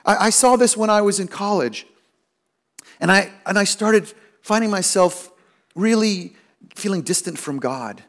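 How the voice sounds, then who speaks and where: High-voiced man preaching a sermon. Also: lively intonation, unhurried, fairly bright tone. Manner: storytelling, acts out quoted voices with rising pitch. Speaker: pastor.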